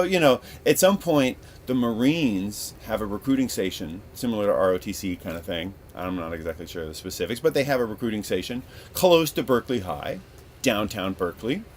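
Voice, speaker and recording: Male podcast host, low voice, rambling storyteller, casual and profane. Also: darkish tone, slight background noise. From Northern California.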